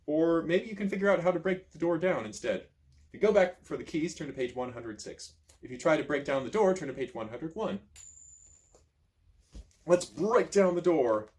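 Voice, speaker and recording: A man reading a choose-your-own-adventure book aloud, with lively storytelling and casual asides. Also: fairly high pitch, a little fast. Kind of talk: expressive read-aloud narration.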